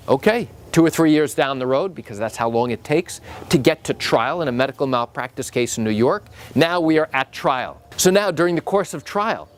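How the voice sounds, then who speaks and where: A man who works as an attorney, explaining trial procedure in an emphatic, conversational way and acting out quoted remarks. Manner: emphatic, acts out quotes with raised pitch. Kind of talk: explanatory legal video talk.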